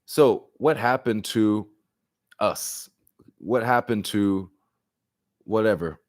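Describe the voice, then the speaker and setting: During a live-streamed collective tarot reading, a man speaks slowly and casually, joking in slang and swearing freely. He often acts out little exchanges, jumping sharply in pitch and loudness as his voice swings high and loud.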